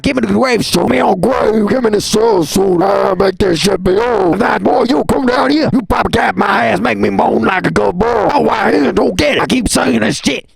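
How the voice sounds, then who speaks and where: A man's voice: high voice, vocal fry, a bit bright, slightly rough, pitched above the performer's own voice, exaggerated voice. A man voicing a crude young nihilist who rants aggressively, swearing and repeating himself.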